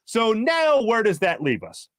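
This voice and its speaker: A man hosting a sports talk show, talking fast and breaking into quick impressions when he quotes people. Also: high voice, no echo, studio quality. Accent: Philadelphia. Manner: animated, jumps into voices for quotes. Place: studio.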